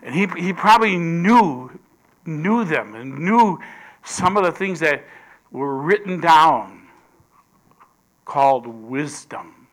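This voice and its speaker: A man preaching a sermon, swinging between loud emphasis and hushed whispers. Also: on the high side, animated, slow, long pauses.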